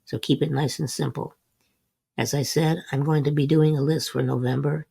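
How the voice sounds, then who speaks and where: A man's voice: fairly high pitch, steady tone, moderate pace, creaky, dark tone, husky, no room sound. A man hosting a trading lesson, walking through chart examples in a methodical way and repeating short refrains. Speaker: host. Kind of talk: scripted market lesson over a chart screen.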